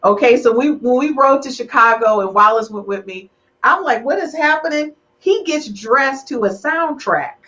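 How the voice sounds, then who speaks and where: A woman hosts a relationship podcast with a slightly high voice. She teases her guests and gets emotional. The audio is dull and lo-fi, like a live stream. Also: normal speed. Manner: animated, teasing, emotional. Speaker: podcast host. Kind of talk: lively relationship podcast chat.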